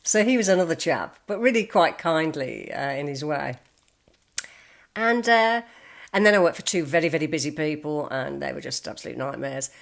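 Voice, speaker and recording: A woman's voice: sits low, animated, moderate pace, creaky. An older woman telling stories about her working life in a chatty monologue, acting out the people she quotes. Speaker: vlogger. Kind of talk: casual storytelling monologue.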